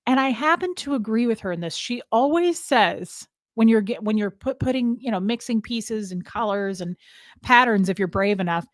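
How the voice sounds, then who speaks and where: The speaker is a woman hosting a casual livestream, expressive and moderately paced, with a voice on the high side. She rambles from topic to topic and greets viewers by name. The recording is dry and studio quality.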